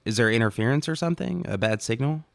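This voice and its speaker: A man's voice: mid-range voice, expressive, quick pace, creaky, no room sound, clean studio sound, voice pushed up. A man voicing a young woman, a teasing and blunt long-distance girlfriend, in an audiobook. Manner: teasing, playful then blunt.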